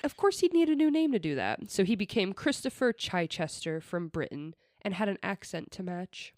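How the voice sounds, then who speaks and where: A woman's voice: medium pitch, sing-song, normal speed, a little mellow, no room sound, clean studio sound. A young woman hosting a podcast, telling a true crime story with chatty, laughing asides into a desk mic. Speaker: podcast host.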